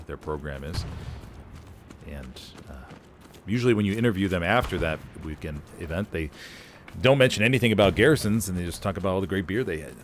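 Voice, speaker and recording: A man's voice: sits low, a little hiss or hum. Man casting a war game, jokey. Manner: energetic, jokey, rambling asides. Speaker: esports caster. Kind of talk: play-by-play game commentary.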